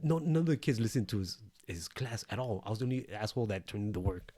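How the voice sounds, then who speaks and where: A man's voice: on the low side, expressive, fast talker, dark tone, dry recording. A man co-hosting a podcast, telling his own story in a loose, profane, streetwise way. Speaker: podcast co-host. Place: El Paso recording studio.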